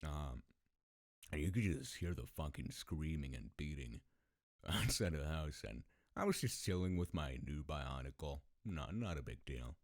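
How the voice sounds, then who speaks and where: A man with an extremely deep voice tells stories slowly and casually, swearing freely. His tone rises and falls with lively swings. The sound is dry and close. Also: dry recording. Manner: laid-back, swears a lot, laughs often. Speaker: podcast host. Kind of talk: casual storytelling.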